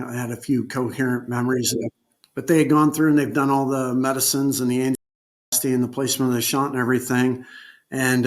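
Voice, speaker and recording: A man recounting a personal ordeal as an interview guest, speaking haltingly with frequent pauses and filler words. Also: medium pitch. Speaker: guest telling his survival story. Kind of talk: unscripted personal storytelling.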